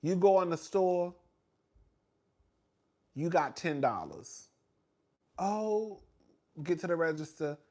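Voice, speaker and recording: Man in his forties, animated gossip-show host with a lively, bouncing delivery and frequent laughter. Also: high voice, takes it slowly, pauses often. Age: 40s. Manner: animated, laughs often, calls listeners girl. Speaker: reality TV commentator. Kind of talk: casual gossipy commentary.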